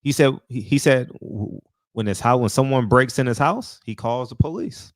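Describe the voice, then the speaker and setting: A man's voice: medium pitch, moderate pace, no room sound, clean studio sound. A man hosting a livestream, talking frankly and thinking aloud in casual commentary. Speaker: livestream host.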